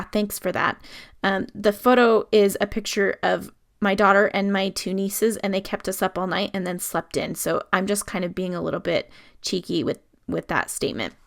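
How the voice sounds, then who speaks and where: An adult woman chatting through a casual scrapbooking voice-over, explaining each step as she works. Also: medium pitch. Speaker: scrapbooking video host.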